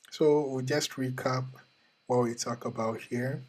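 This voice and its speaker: Husky-voiced man giving earnest motivational talk. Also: medium pitch, fairly even intonation, measured pace, darkish tone, rough recording. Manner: earnest, repetitive, questioning the listener. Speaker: host.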